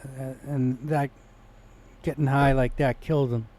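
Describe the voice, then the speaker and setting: A man's voice: mid-range voice, little pitch movement, a little slow, a little mellow. A man telling a personal story in a rambling vlog monologue, with restarts, growing indignant in places. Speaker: vlogger.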